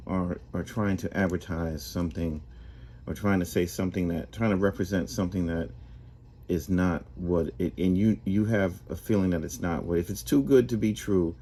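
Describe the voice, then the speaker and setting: A man with a very low, dark, mellow voice tells a story casually. He speaks in a relaxed way and often restarts and repeats his words. Faint noise sits behind him.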